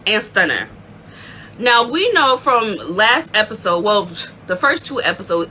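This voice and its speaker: A woman hosts a casual recap, her bright voice swinging through a wide, lively range. She tells the story with excitable energy. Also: medium pitch, slight background noise, poor audio. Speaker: aftershow recap host.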